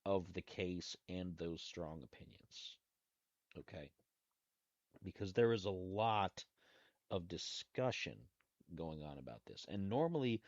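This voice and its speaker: A man's voice: low voice, dry recording. A man hosting his own podcast, talking casually and rambling loosely. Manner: loose and rambling, with restarts and asides. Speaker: podcast host. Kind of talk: casual solo podcast talk. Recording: dry, dull lo-fi sound.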